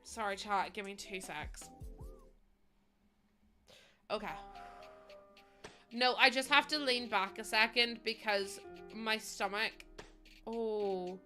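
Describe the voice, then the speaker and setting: A young woman streaming to her chat, talking casually while in pain after surgery, apologetic and emotional, pausing to breathe through it. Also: mid-range voice, pushed and bright, soft background music. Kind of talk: casual chat to a livestream audience.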